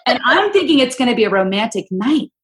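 A woman's voice: a little high, fast, reverberant, noisy background. A woman hosting a podcast, telling stories in a casual chat and acting out what people said. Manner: animated storyteller, acts out quotes. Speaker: podcast host.

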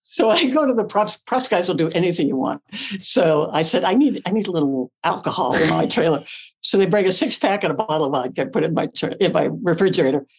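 A woman actress as a podcast guest, telling animated stories, acting out her own past lines and swearing casually. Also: lowish voice, fast, husky. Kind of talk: animated storytelling.

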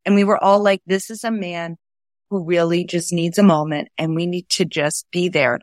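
A woman's voice: on the low side, steady tone, normal speed, dry recording, clean studio sound. A woman, a guest author telling stories earnestly and acting out what people said. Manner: earnest, acts out quoted dialogue. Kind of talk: conversational storytelling.

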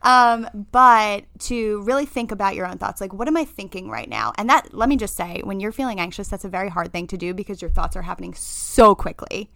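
A woman's voice: medium pitch, lively intonation, fairly quick, gravelly, hardly any pauses, a bit bright, dry recording. A woman co-hosting a podcast as a therapist, explaining ideas step by step and often checking in with "right?". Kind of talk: casual advice chat.

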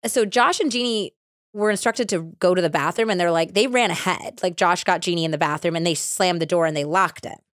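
A woman hosting a true crime podcast, casually retelling a case with animated acted-out quotes and lots of "like". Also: on the low side, fairly quick, no room sound, studio quality. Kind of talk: casual storytelling.

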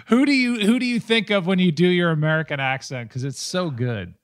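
A man's voice: high voice, a little fast, clear, resonant tone. A man co-hosting a podcast, joking and teasing his guest in casual chat. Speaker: podcast co-host.

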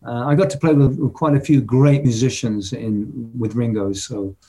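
A man's voice: mid-range voice, fairly even intonation, moderate pace, mellow. An older man, an interview guest, telling stories in a casual way and vocally mimicking drum patterns. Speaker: interview guest, rock drummer.

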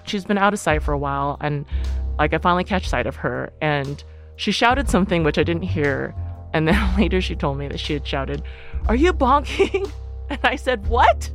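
A woman's voice: deep voice, fairly quick, faint music behind. A woman telling a personal story in a casual, chatty way, full of fillers and light laughter. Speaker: guest, writer and athlete.

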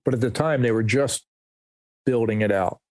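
A man's voice: mid-range voice, a little mellow, no echo. Man in his 60s, musician guest, rambling anecdotes, dry close sound. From New Jersey, US. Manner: rambling, self-deprecating, with quick asides. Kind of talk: casual storytelling interview.

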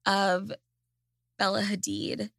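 A woman hosting a podcast in casual chat, ranting in an animated, profane way. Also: medium pitch, takes it slowly, vocal fry, no room sound, studio quality. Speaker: podcast host.

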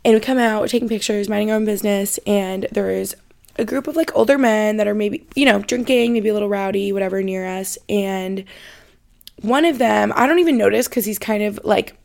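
Gravelly-voiced young woman podcaster. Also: medium pitch, brisk, darkish tone. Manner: chatty, rambling, self-correcting. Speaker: podcast host. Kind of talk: casual storytelling monologue.

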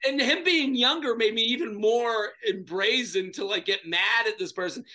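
A man who is a comedian guest on a podcast, telling animated stories and laughing often in casual chat. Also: extremely high pitch, moderate pace.

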